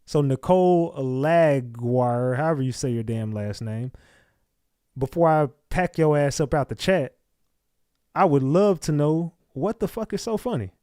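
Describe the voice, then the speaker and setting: Blunt, profane livestream host, dry sound. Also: male voice, a little high, animated, normal speed, mellow, dry recording. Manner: blunt, profane, confrontational with chat. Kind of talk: casual livestream chat reading comments.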